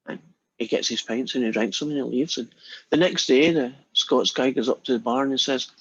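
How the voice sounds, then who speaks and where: A man's voice: medium pitch, brisk, breathy edge, dry recording, muffled recording. A man giving a casual university lecture, telling jokes and acting out the characters in them. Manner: chatty, storytelling, acts out quoted characters.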